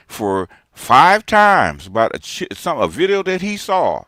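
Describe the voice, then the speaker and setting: A man's voice: a little high, wildly swooping pitch, a little slow, hardly any pauses, bright, forceful tone, dry recording, studio quality. A man in his sixties gives a ranting, lecturing response monologue as a streamer, emphatic and repeating his points. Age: 60s.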